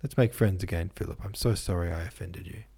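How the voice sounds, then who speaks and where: A man's voice: low-pitched, fast, mellow, husky. Man reading as a pleading, heartbroken young woman.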